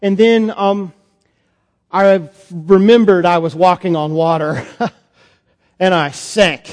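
A man, a priest, performing a first-person Bible monologue in a sermon, conversational and halting with fillers. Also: high-pitched, steady tone, darkish tone. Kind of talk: dramatic monologue as Peter in a sermon. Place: church sanctuary. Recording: long church reverb.

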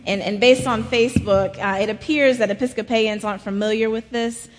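A middle-aged woman from South Carolina, preaching a sermon in a slow storytelling manner. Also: on the high side, fairly even intonation, in a large hall. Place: large church.

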